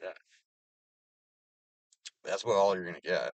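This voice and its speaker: A man's voice: low voice, a little slow, no echo. A man in his thirties ranting casually and profanely, with sarcastic laughs. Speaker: vlogger. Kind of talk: casual rant to camera.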